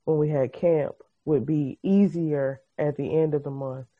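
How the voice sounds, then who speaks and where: Black woman co-host, casual and expressive, tells long stories, kinda muffled zoom audio. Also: sits low, a little slow, husky. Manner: laughing, expressive, storytelling. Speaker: podcast co-host. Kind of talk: casual chat. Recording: muffled video-call audio.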